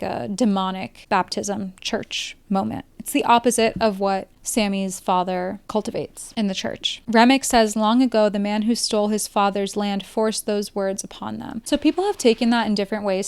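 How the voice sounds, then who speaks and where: A woman's voice: medium pitch, smooth. A woman hosting a podcast and giving a casual spoken film review. She talks in a chatty way, thinks aloud and leans on "like" as a filler.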